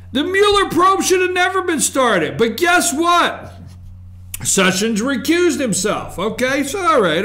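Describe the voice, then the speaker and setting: A man's voice: extremely high pitch, sharp tone. A man hosting a political commentary show, ranting sarcastically and mocking people's voices.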